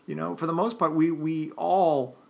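A man's voice: fairly high pitch, steady tone, vocal fry, darkish tone. A man giving an unscripted philosophy lecture, thinking aloud with frequent restarts and fillers and often checking in with his listeners. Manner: thoughtful, halting, many restarts and fillers; addresses listeners directly, often checking with "right?".

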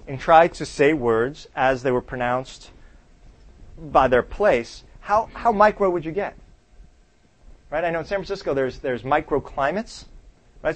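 A man teaching a class in a conversational lecture style. He quizzes the students and keeps checking in with "right?". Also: fairly high pitch.

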